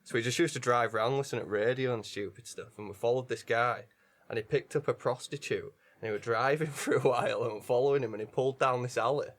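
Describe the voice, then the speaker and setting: A man's voice: medium pitch, fast. A young man with a Yorkshire accent, co-hosting a podcast in casual chat and laughing through his stories. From England. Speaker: podcast co-host.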